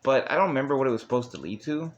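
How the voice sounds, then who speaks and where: A man's voice: medium pitch, animated, racing, highs cut off. A man recapping an old wrestling episode in a rambling, casual way with chuckling asides. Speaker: wrestling show reviewer.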